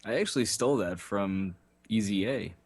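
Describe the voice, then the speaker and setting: Lower-voiced man trading dry jokes. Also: normal speed, husky, no echo. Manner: dry jokey asides, mock quotes. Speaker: podcast co-host. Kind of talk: casual comedic chat.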